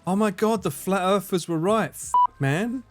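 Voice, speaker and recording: A man streaming a game live, joking, swearing and reacting loudly as he plays. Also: sits high, moderate pace. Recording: game music playing behind.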